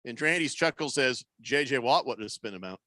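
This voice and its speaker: A man's voice: mid-range voice, lively intonation, fairly quick, sharp tone, no echo. A man hosting a sports radio show, chatting casually, joking and reading out listener texts. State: losing his voice. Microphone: studio microphone.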